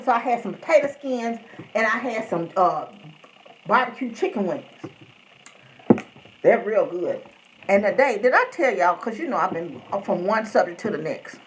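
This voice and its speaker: Middle-aged woman, live-stream host, rambles and jumps between subjects, animated pitch. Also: slight background noise, rough recording. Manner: rambling, chatty, greets viewers by name. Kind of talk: casual chat.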